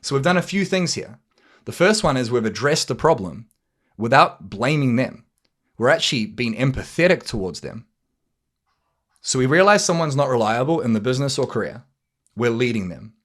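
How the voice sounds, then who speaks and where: A man's voice: medium pitch, expressive, normal speed, fairly bright tone. Guy doing a motivational podcast rant, blunt, casual, curses a lot, plays out little convos. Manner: blunt, casual, swears freely, acts out dialogue. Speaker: podcast host and business coach. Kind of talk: motivational monologue.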